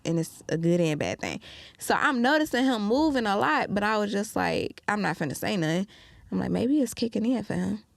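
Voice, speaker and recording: A woman guest on a podcast, telling a story in a casual, animated way, swearing freely and acting out what people said. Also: mid-range voice, brisk, gravelly, dry recording. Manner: animated, profane, acts out quoted lines.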